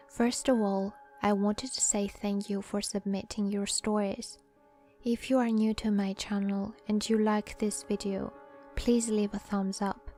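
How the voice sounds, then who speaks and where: A woman narrating a horror story in a soft, hushed voice that often sinks into a whisper. She reads slowly and evenly, with a dark, mellow tone. Faint music plays behind her. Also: mid-range voice.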